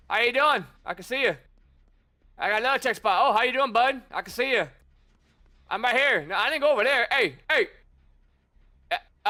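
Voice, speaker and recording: Male streamer, very high and piercing voice, chatty and teasing in casual gameplay commentary. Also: sharp tone. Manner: chatty, teasing taunts at opponents. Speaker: gamer streamer.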